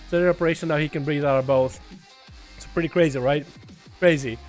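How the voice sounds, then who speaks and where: A man from Russia chatting casually on a game livestream, excitable and swearing, swinging from quiet mumbles to loud bursts. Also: on the high side, a little fast, pauses often, soft background music. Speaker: game streamer. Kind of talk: casual gaming livestream chat.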